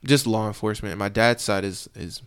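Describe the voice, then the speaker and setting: A man speaks in a low, gravelly voice as he recounts his time as a police officer. His talk is loose and rambling, full of fillers and restarts. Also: a little fast. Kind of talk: casual storytelling in an interview.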